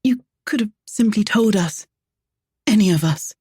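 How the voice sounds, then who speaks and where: A woman voicing a weary, hurt young woman who pleads softly. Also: medium pitch, measured pace, husky, no echo, clean studio sound, pitched above the performer's own voice.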